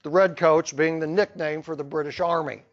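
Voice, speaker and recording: A man's voice: on the high side, fairly even intonation, moderate pace, dull audio. A man teaching a history lesson to a class, telling the story with playful asides. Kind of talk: classroom lecture.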